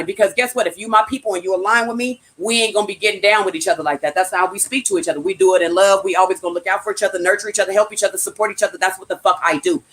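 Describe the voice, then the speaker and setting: A woman's voice: medium pitch, fairly bright tone. A woman from California giving a casual motivational talk, blunt and profane, repeating her key phrases like a preacher.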